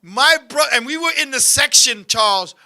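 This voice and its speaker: A man with a strikingly high, sharp, bright voice hosts a casual show. He tells stories in a loud, animated, profane way and often breaks into shouts. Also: moderate pace. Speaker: show host. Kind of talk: comedic storytelling chat.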